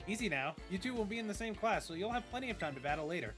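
A formal older school director with polite, slightly pompous phrasing, as a man reads his lines aloud. The voice sits high for a man and moves through a lively, swooping range. Faint game music plays underneath. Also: racing. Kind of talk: reading game dialogue aloud.

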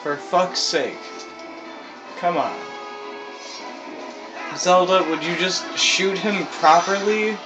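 A man doing let's play commentary, swearing constantly and yelling at the game in frustration. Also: high voice, slow, long pauses, poor audio. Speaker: gaming commentator. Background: video game music and horse neighs.

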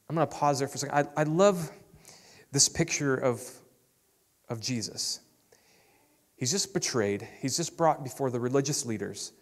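A man preaching a sermon as pastor, in a relaxed, conversational way. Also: mid-range voice. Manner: casual, conversational preaching with frequent "man" and "I love". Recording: long reverb of a large hall.

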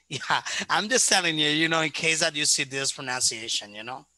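A man's voice: fairly high pitch, expressive, a crowd in the background, rough recording. Patient man teaching English. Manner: patient, repeats words back, explains pronunciation slowly. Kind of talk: online one-to-one lesson.

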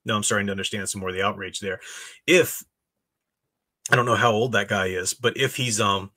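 A man with a bright, forceful voice that sits a little low, rambling through an opinionated live-stream chat. He stops and restarts his sentences often, then lands on blunt points and turns to his viewers for answers. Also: a little fast. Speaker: streamer host reading chat.

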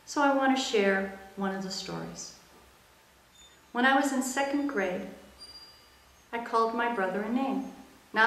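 A middle-aged woman, an interview guest, earnestly telling personal stories and often dropping to a quiet voice when she recalls what others said. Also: medium pitch. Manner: earnest, reflective, softens into quiet quoted speech. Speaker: interview guest, emotional intelligence expert. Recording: echoey room.

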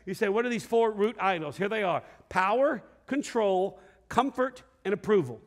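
A man's voice: sits high, normal speed. A middle-aged male pastor preaching a sermon to a congregation in a church, telling stories with acted-out voices and asking the room to respond. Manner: lively storytelling preacher, acts out voices and shouts. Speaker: lead pastor. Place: church sanctuary before a congregation.

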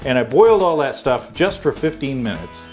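A man's voice: mid-range voice, sing-song, brisk, a little mellow, soft background music. A man hosting a home brewing show, explaining in a rambling casual way with many fillers and restarts. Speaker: show host. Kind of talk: casual chat.

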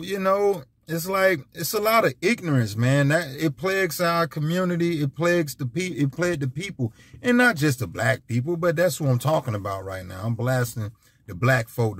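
A man's voice: on the high side, no room sound, clean studio sound. A man giving an emphatic, repetitive, preachy monologue as a vlogger. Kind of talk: casual ranting monologue.

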